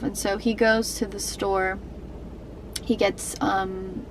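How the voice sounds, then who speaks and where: A woman's voice: mid-range voice, flat delivery, normal speed, background noise. A young adult woman vlogging to camera, telling a personal story in an emotional, rambling way with many fillers and restarts.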